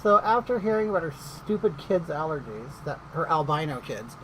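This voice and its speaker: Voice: mid-range voice, sing-song, normal speed, a little hiss or hum, poor audio. A middle-aged vlogger telling a story in casual chat, gossipy and indignant.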